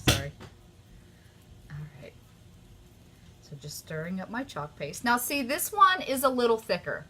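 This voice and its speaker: A woman hosting a casual live craft tutorial, chatty and easily excited, often gushing over her work. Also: mid-range voice.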